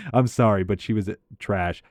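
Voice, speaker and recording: Low-voiced man telling a rambling story. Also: expressive, takes it slowly, a little mellow, dry recording, studio quality. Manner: rambling, filler-heavy, profane and candid. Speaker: storytime commentator. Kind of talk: casual storytelling over gameplay.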